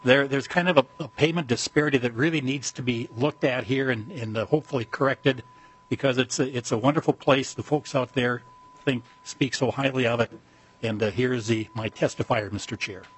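Husky-voiced male lawmaker, hesitant delivery with frequent fillers. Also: mid-range voice, low-quality recording. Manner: halting, with many fillers and restarts, appreciative. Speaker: state representative presenting a bill. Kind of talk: legislative testimony.

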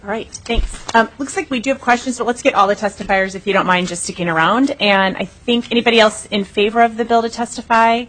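Woman chairing a hearing, brisk tone. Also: fairly high pitch, fairly bright tone, rough recording. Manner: brisk, informal, welcoming. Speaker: committee chair.

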